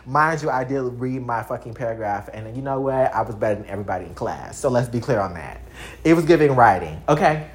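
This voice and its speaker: Brisk and foul-mouthed, this roughly thirty-year-old Texan talks casually into the camera, his animated delivery lurching between high and low pitch and loud and soft volume.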